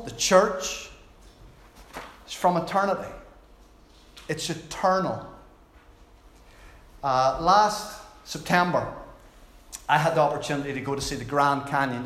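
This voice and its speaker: A man preaching a sermon in a conversational, storytelling manner with gentle humor. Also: high-pitched. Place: church. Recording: roomy hall echo.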